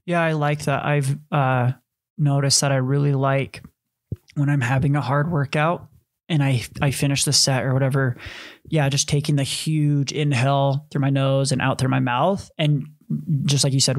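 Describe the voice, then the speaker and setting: A man's voice: medium pitch, moderate pace. Enthusiastic man co-hosting a fitness podcast. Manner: enthusiastic, animated, acts out inner thoughts in quotes. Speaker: podcast co-host. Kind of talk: casual chat.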